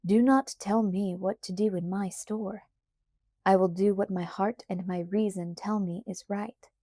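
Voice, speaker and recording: A woman reading the part of a stern, steady father and shopkeeper in a firm, measured way. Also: mid-range voice, no echo, clean studio sound, close to an everyday voice.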